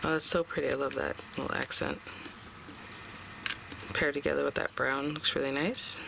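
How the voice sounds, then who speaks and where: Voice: medium pitch, little pitch movement, moderate pace, vocal fry, noisy background. A craft tutorial host talking casually step by step and thinking aloud while working.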